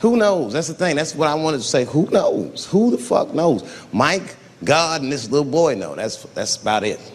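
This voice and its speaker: Animated profane male stand-up comic. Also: on the high side, normal speed, slight background noise. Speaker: stand-up comedian. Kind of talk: stand-up comedy. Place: comedy venue on stage. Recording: live club recording, reverb, audience laughter.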